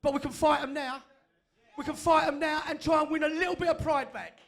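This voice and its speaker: A man's voice: extremely high pitch, steady tone, fairly quick, creaky, a bit bright. A man giving a fiery, sweary speech to a fan meeting in a room full of people. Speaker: fan group speaker.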